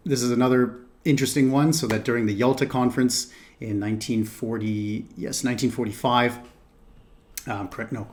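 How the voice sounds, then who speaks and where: A man's voice: mid-range voice, darkish tone. A man hosting a reaction video, thinking aloud in casual commentary, hesitating and correcting himself.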